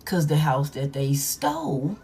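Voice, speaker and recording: A woman giving a live tarot reading to her viewers, blunt and heavy with swearing, swinging between loud hype and low muttering. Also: sing-song, unhurried, vocal fry, slight background noise. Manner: blunt, profane and emphatic. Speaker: tarot reader.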